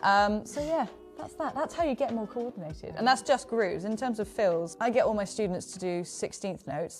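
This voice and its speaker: A woman's voice: mid-range voice, lively intonation, normal speed, few pauses, music in the background. A woman teaching drums in a casual one-on-one lesson, counting beats aloud and checking the learner keeps up. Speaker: drum teacher.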